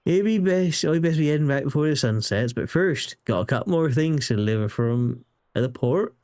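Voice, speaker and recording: A man's voice: on the high side, expressive, normal speed, darkish tone. A man voicing a weary middle-aged boatman who delivers supplies, chatty and folksy. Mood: friendly.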